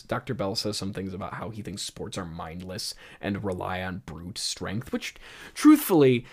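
Incredulous man with a lively voice. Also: medium pitch. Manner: incredulous, laughing, stammering restarts. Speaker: host. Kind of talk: comedic commentary on an old script.

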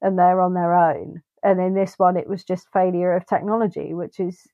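A woman's voice: on the low side, steady tone, normal speed, mellow. A woman talks through a film on a podcast in loose, casual chat, cursing freely and slipping into little acted-out quotes of her own reactions. Her voice comes through a dull, lo-fi line with a dry, close sound and no room echo. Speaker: podcast co-host.

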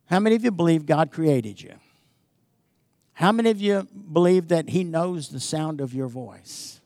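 Male pastor preaching; fairly high voice, dry close sound, shifts between fervent emphasis and hushed intimacy, calls for "amen?". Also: no room sound. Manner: swings from loud emphatic preaching to hushed, slow intimate talk; calls out to the congregation with repeated "amen?". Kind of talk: sermon.

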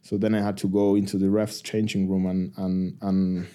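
A man, a rugby player telling stories as a guest in a casual interview, halting and full of restarts. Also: sits low. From Argentina. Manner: halting, many restarts and fillers, relaxed.

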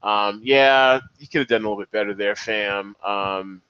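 A man hosting a podcast, giving casual, excitable commentary on his listeners' picks. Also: fairly low pitch, moderate pace, smooth, no echo. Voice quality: excitable, animated. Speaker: podcast host. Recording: dull, slightly lo-fi, dry.

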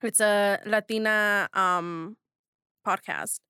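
A woman's voice: medium pitch, steady tone, takes it slowly, pushed and bright, clean tone, no room sound, studio quality. A woman co-hosting a podcast in casual chat, giggly and swearing freely. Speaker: podcast co-host.

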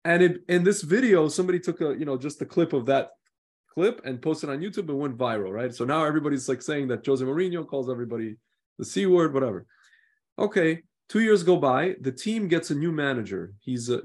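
A man co-hosting a podcast, telling stories in lively casual chat and slipping into mimicked accents. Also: medium pitch, fairly quick. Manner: animated storyteller, mimics accents with laughter. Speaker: podcast co-host.

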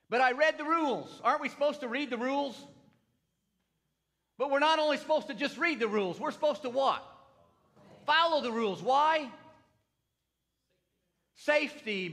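A man's voice: very high-pitched, bright, forceful tone. An older man, a grandfather, preaching a sermon and telling a story to his congregation, asking them for responses. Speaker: pastor.

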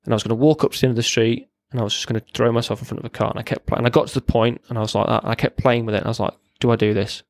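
Brief: man, ex-forces guest, gravelly voice, candid halting storytelling, close dry recording. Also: mid-range voice, fairly even intonation, dry recording. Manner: halting, plain-spoken, frequent restarts. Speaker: podcast guest, former serviceman.

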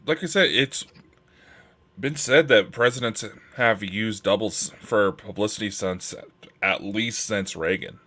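Low-voiced laid-back man. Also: measured pace, sharp tone. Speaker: co-host. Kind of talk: casual podcast chat.

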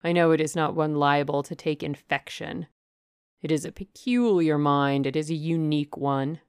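A woman reading the part of a brooding, passionate middle-aged gentleman in an audiobook, with a forceful, declamatory delivery. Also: low-pitched, steady tone, moderate pace, smooth, no echo, studio quality, natural voice. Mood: musing.

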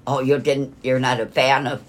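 A woman co-hosting a radio talk show, chatting casually with quick, easygoing reactions. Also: a bass voice, little pitch movement. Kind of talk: casual on-air banter.

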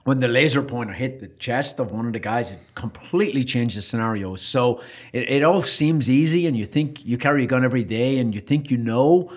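A man, a firearms instructor, explaining a training exercise in a steady, reflective way during a casual chat. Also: mid-range voice, a little fast, few pauses.

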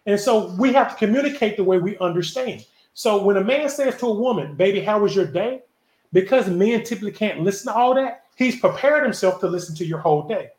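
Fast, emphatic man in his forties. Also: sits high, animated, a little mellow, echoey room. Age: 40s. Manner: preachy, emphatic, acts out quoted dialogue. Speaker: podcast host. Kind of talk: casual group discussion.

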